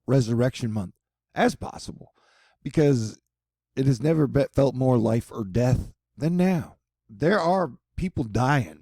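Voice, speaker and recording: A man's voice: medium pitch, warm tone, dry recording, studio quality. A young man rambling sarcastically in a casual vlog from his apartment. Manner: rambling, sarcastic, self-mocking. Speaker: vlogger.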